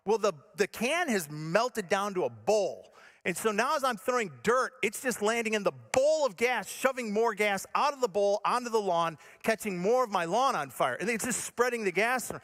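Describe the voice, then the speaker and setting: A male pastor telling a story in a sermon, animated and self-mocking, acting out his own panic. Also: sits high, moderate pace. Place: church stage.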